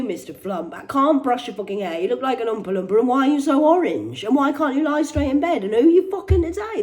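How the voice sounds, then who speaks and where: A woman's voice: high voice, darkish tone. A woman reading out celebrity news and ranting about it in a casual, rambling, sweary way. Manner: rambling, sweary, digressive, mock-indignant.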